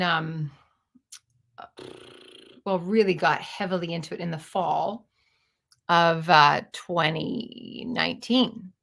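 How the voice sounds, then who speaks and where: A woman's voice: fairly low pitch, creaky, fairly bright tone. A woman in her fifties, a storyteller and stage performer, talking through a reflective personal monologue in an earnest, searching and self-questioning way. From Canada. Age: 50s.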